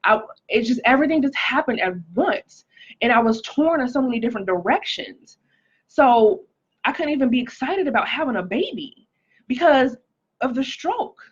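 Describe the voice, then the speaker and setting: Speaking at a moderate pace in a high, expressive voice with a breathy edge, a woman gives a casual personal testimony on a livestream. She greets viewers by name and uses "like" and "um" frequently, and the recording is muffled.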